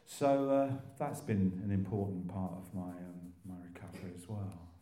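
An older man from England giving a personal testimony, rambling along with restarts and self-deprecating asides. His voice is low and mellow, and the room around him echoes noticeably. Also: fairly even intonation, moderate pace. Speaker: speaker sharing his recovery story.

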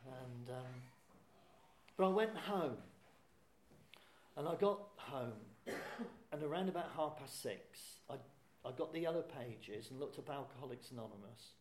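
A man's voice: mid-range voice, expressive, a little slow, long pauses, darkish tone, echoey room. An older man from England frankly telling his own story, self-deprecating and plain-spoken. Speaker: speaker sharing recovery story. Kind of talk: personal testimony talk.

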